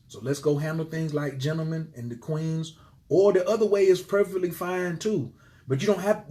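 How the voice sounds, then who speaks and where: Animated, preachy man livestreaming to viewers. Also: on the high side. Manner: animated, preachy, swears freely, shifts between loud outbursts and quiet murmurs. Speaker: livestream host. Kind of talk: casual live-stream talk to viewers.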